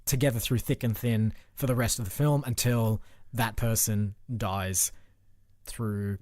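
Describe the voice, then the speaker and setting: A man's voice: lowish voice, fairly even intonation, unhurried, a little mellow, dry recording, studio quality. A man co-hosting a podcast, rambling through film ideas in casual chat with lots of fillers. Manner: rambling, filler-heavy brainstorming. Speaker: podcast co-host.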